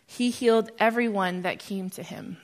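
Brief: young American woman, church testimony, lively storyteller, mid-pitched voice. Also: moderate pace. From United States. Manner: animated storyteller, gets loud and excited when recounting. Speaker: speaker sharing a testimony. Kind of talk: church testimony talk with slides.

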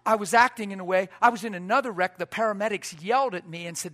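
A high-voiced man preaches a storytelling sermon with a bright, ringing tone. He drops to soft, hushed quoted lines, then climbs to loud, near-shouted exhortation. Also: quick pace, hardly any pauses.

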